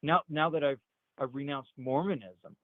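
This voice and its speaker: A middle-aged man telling his own story candidly, halting and repeating words, with his voice rising sharply when he quotes others. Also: a little high, no room sound. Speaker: interview guest. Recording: tinny phone-like line.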